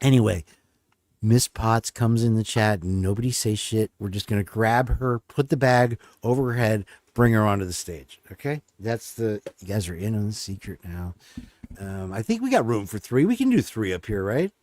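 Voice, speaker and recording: A man's voice: on the low side, normal speed, darkish tone, no room sound. Rambling, joking male stream host. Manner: rambling, joking, self-deprecating. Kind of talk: casual chat.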